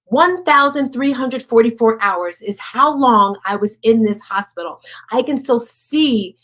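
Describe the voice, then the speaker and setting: A woman giving a personal motivational talk, chatting with the audience, asking them questions and slowing right down on key lines. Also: on the high side, animated, fairly bright tone. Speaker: speaker at a women's event.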